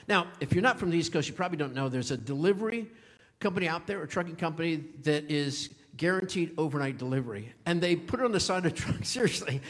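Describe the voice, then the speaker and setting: A male pastor delivers a sermon in an easy, storytelling manner, chuckling as he goes. His voice sits a little high for a man. The sound carries the long reverb of a church sanctuary. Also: lively intonation, brisk. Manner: storytelling, chuckles often, warm conversational preaching.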